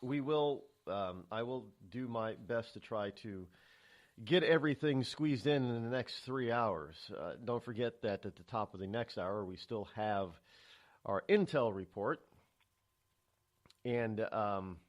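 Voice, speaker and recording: A man's voice: lowish voice, animated, a little slow. A man hosting a live morning call-in talk radio show, rambling with fillers and restarts as his anger shows. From New England, United States. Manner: chatty, then angry, with many fillers and restarts.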